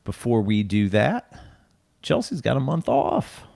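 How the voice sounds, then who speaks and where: A man hosting a podcast with a gravelly, fry-tinged voice that swings up and down a lot. He greets listeners loudly, jokes with his co-hosts and laughs often, recorded in a small studio. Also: medium pitch, wildly swooping pitch, unhurried. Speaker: podcast host. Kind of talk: casual chat.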